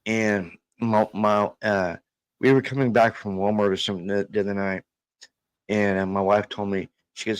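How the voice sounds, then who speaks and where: A man's voice: fairly low pitch, fairly even intonation, no room sound. A man in his thirties co-hosting a casual livestream chat, reading viewer comments and telling family stories with many restarts. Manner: halting storyteller with many restarts.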